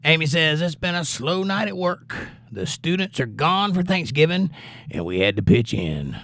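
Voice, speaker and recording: A man's voice: fairly high pitch, sing-song, moderate pace, fairly bright tone, dry recording, studio quality. A male livestream host and musician, reading out viewer comments and answering them in a casual, laid-back way.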